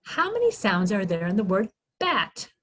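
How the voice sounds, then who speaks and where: A woman giving a literacy workshop, sounding out phonemes slowly and asking questions she answers herself. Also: medium pitch, huge pitch swings, a bit bright, rough recording. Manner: slow, exaggerated sounding-out of phonemes; asks questions then answers them herself. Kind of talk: instructional presentation.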